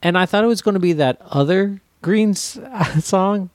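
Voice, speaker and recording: A man's voice: high voice, moderate pace, dry recording. Swearing podcast guy, dry close mic. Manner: swears freely, laughs often. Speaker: podcast co-host. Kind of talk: casual chat.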